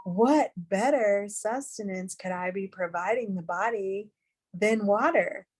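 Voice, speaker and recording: A woman's voice: mid-range voice, slow, a little mellow, slightly rough. A middle-aged woman giving a candid, chatty teaching talk on a video call, earnest and full of fillers. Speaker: webinar speaker.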